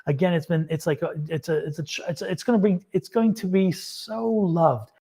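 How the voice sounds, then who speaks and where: A man hosting a live-stream tarot reading, upbeat and excitable, laughing often and encouraging viewers. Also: high voice, moderate pace, vocal fry, breathy edge. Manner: encouraging, affirming.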